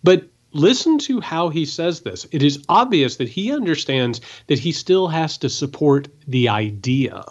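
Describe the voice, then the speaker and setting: A man's voice: a little high, sing-song, a little slow, hardly any pauses, dull audio. A man co-hosting a political commentary podcast, talking emphatically and sarcastically and hammering his points home by repeating them. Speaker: podcast co-host.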